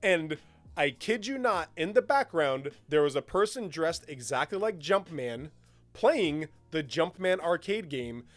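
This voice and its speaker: A man co-hosting a podcast, talking in an enthusiastic, animated way and laughing often. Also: fairly high pitch, unhurried, no echo. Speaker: podcast co-host. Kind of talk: casual chat.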